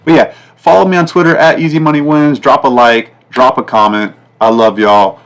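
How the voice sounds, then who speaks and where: A man hosting a sports betting podcast, talking in a loose, rambling flow. He leans on fillers and says the same thing twice, and his voice keeps swinging up and down in pitch and loudness from one phrase to the next. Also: fairly even intonation, normal speed. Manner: rambling, repetitive, fillers like "like" and "guys". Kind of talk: casual betting talk.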